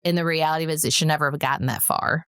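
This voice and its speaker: This is a middle-aged woman with a notably low voice, talking in a blunt, no-nonsense way and laughing often as she tells stories. The sound is dry and close, with no room around her. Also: steady tone, fast, fairly bright tone, clear, resonant tone, dry recording. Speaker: podcast co-host. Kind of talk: casual chat.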